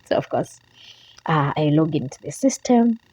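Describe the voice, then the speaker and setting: A woman's voice: low voice, sing-song, moderate pace, darkish tone, breathy edge, dry recording, low-quality recording. A young woman vlogger telling a story to camera in a casual, emotional way, repeating herself and quoting her own prayers and phone calls.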